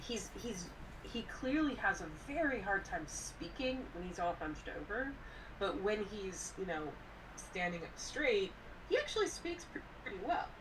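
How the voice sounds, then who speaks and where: A woman's voice: medium pitch, very animated, unhurried. A woman co-hosting a podcast, talking through a film thoughtfully with frequent hesitations. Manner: thoughtful, hesitant, many fillers. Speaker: podcast co-host. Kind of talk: casual film discussion. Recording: distant mic with clear background hiss.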